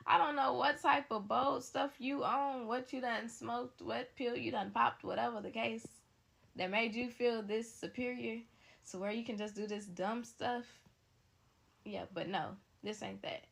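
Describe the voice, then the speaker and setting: A young woman tells a story to her viewers in a casual, animated way. Her voice is bright and edged with gravel, and she pitches it a little high. She is blunt and talks to the audience directly. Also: unhurried.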